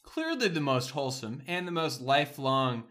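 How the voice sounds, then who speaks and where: A man's voice: medium pitch, big pitch swings, normal speed, fairly bright tone. A man co-hosting a podcast, joking in a laid-back, musing way. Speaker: podcast co-host. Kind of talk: casual podcast chat.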